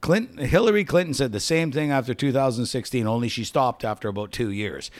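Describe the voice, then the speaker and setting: A man's voice: mid-range voice, fairly quick. Male podcast host, mid-range voice, blunt and profane, casual banter. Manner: blunt, swearing, laughs easily. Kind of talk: casual chat.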